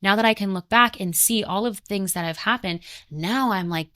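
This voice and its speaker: A woman's voice: medium pitch, moderate pace, few pauses, bright, forceful tone, no room sound. A woman in her twenties speaks in an earnest, conversational spiritual talk, pressing her points through emphatic repetition. Her voice sits in a middle range for a woman. The recording is dry, with no room sound around her. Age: 20s.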